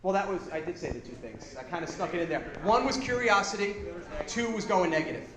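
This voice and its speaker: A man giving a live workshop talk to an audience, casual, energetic and blunt, now and then swearing. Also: high-pitched, fast, a crowd in the background. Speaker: seminar presenter. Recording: echoey room with background noise.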